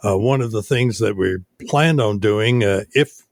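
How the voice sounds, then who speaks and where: An older man, a radio station owner, telling stories unhurriedly in a casual interview, with many pauses. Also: fairly low pitch, a little mellow, no echo, studio quality. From United States.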